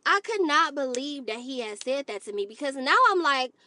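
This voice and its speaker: A woman vlogger telling a story to her viewers in an animated, exasperated way. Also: high voice, moderate pace. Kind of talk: storytime commentary to camera.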